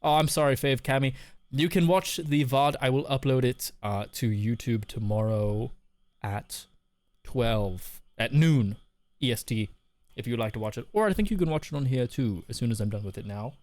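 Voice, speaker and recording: A man's voice: medium pitch, normal speed, a little mellow, dry recording. A man streaming live, reading viewer messages aloud and answering them in a loose, chatty way that repeats itself. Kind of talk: casual live-stream chat.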